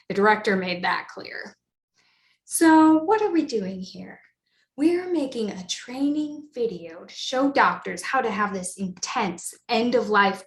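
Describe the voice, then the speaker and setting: Woman doing a solo stage monologue, wry and second-guessing herself, echoey room. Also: mid-range voice. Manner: wry and self-doubting. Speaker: solo performer. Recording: roomy echo.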